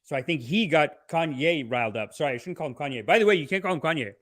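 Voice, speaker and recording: Male podcast host, animated sarcastic commentary, slightly high, dry mic. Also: quick pace, no echo. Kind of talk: comedic commentary.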